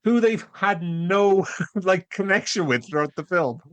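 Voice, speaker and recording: A man with a somewhat high voice co-hosts a casual film podcast. He sounds sarcastic and incredulous and swears now and then. The recording is close and dry. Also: lively intonation, unhurried, no echo. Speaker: podcast co-host. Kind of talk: casual film review chat.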